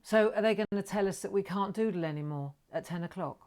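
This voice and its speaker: A middle-aged woman hosting a live craft stream, chatting warmly with viewers, greeting them brightly and sometimes dropping to a whisper. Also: mid-range voice, quick pace. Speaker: craft livestream host.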